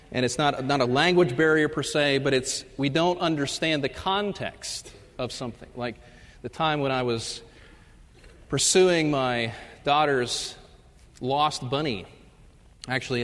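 Guy professor doing a chapel talk, jokey stories, long reverb from a big room. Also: medium pitch. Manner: storytelling, acts out jokes with loud shouted voices. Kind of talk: humorous chapel talk with anecdotes. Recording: long reverb of a large hall.

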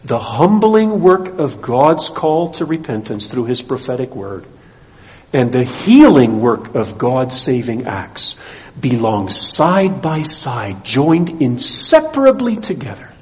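A male pastor preaching a sermon, rising to strong emphasis and dropping low again. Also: very animated, takes it slowly, darkish tone, highs cut off.

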